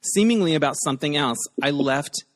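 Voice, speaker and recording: A man's voice: fairly high pitch, lively intonation, fairly quick, over a noisy crowd. Upbeat punny man hosting a game. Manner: upbeat, laughing often, punny. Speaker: podcast host. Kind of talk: playful game hosting over video call. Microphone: video call.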